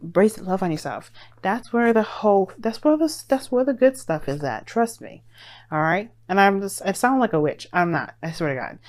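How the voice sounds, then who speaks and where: A woman's voice: medium pitch, very animated, normal speed. A woman giving a casual tarot reading to her viewers, blunt and profane, pushing her points with emphatic repeats. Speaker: tarot reader.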